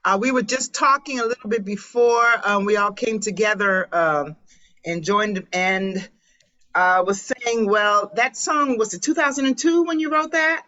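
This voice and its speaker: A woman's voice: mid-range voice, a little slow, sharp tone, highs cut off. A woman hosting a live online chat, exuberant and full of exclamations. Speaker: host.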